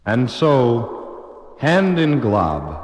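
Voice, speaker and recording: A man's voice: medium pitch, sing-song, extremely slow, a little mellow. A man narrating in a theatrical, movie-style announcer delivery. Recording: echoey hall.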